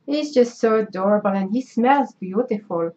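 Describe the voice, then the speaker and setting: A woman's voice: medium pitch, normal speed, dark tone, highs cut off. A woman with a French accent chatting in a vlog, effusive and sentimental as she opens gifts and gushes her thanks. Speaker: craft vlogger. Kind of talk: casual unboxing chat.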